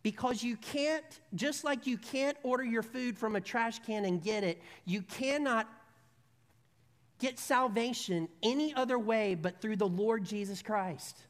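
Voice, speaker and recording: A woman preaching a sermon in a church, telling stories in a chatty, humorous way before turning earnest. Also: mid-range voice. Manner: conversational storytelling, humorous then earnest. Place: church sanctuary. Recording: long reverb of a large hall.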